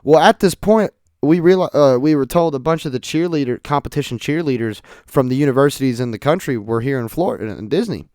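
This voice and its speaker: A young man telling stories in an animated way on a casual podcast monologue. He swings between loud outbursts and quiet asides. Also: mid-range voice, brisk, hardly any pauses, dry recording, clean studio sound. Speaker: podcast host.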